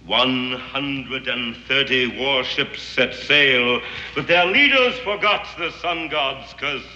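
A man's voice: medium pitch, takes it slowly, sharp tone. An actor playing a fanatical Englishman who guards a sun god's gold, speaking in a grandiloquent, theatrical way. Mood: ominous. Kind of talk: 1960s TV western acting. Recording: echoey, roomy, slightly dull old TV audio.

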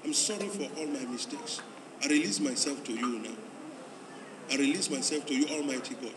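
At a church convention, a pastor with a medium-pitched voice, speaking a little fast, leads an altar call and prayer, repeating urgent pleas to come forward that rise into loud calls. The large hall is echoey, the mic distant, and the crowd audible.

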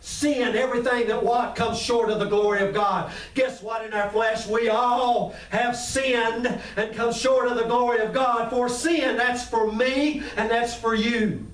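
High-voiced man preaching in an echoey church. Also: steady tone, a little slow, few pauses. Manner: impassioned, preaching, calls to the congregation. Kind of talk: sermon. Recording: echoey room, mic at a distance.

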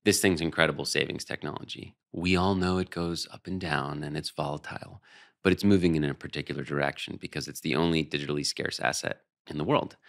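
A man's voice: rumbling low, steady tone, fast, gravelly, a bit bright. A man talking as an interview guest, earnest and emphatic, with frequent restarts as he explains his views. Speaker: interview guest, human rights strategist. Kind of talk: conversational interview.

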